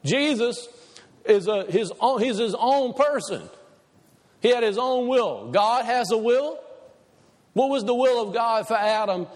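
Preacher, male, high voice, folksy Southern phrasing, engages the congregation, long hall reverb. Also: animated, a little slow. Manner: asks the congregation questions. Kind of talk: sermon.

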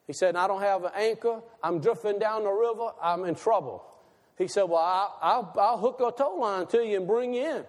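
A man preaching a sermon, asking his listeners questions and slowing down to stress key words. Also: sits high, a little mellow, big-room sound. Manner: asks the audience questions, slows for emphasis.

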